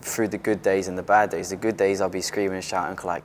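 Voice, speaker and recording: Man, 20s, interview guest, deep voice, open, animated, frequent restarts. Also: fast, few pauses, a little hiss or hum. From Britain. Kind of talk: casual interview chat.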